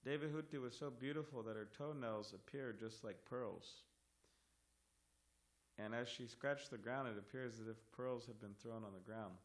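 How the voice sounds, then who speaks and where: A man leading a scripture class in a temple hall, reading verses and commentary aloud in a measured, word-by-word manner. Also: medium pitch.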